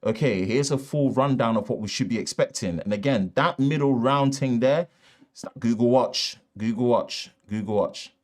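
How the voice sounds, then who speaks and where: A man's voice: medium pitch, normal speed, darkish tone. Man, Northern English accent, live tech show host, chatty and rambling, frequent restarts, shotgun mic in a treated home studio. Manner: casual, rambling, reads news with asides and restarts. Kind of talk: live-stream tech chat.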